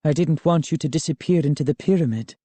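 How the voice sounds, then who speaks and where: A man's voice: on the high side, fast, dark tone, dry recording, pitched above the performer's own voice, lightly acted. A man voicing a young woman reporter who speaks eagerly and politely in a storybook reading.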